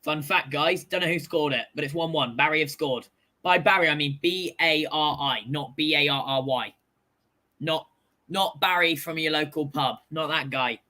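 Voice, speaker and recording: A male host giving a casual live chat about football scores, excitable and jokey, shouting when goals go in. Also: fairly high pitch, normal speed.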